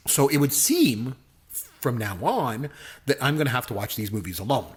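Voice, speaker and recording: A man's voice: medium pitch, very animated, moderate pace. A middle-aged man co-hosting a casual movie review podcast, joking and complaining with exaggerated gripes. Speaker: podcast co-host; professor.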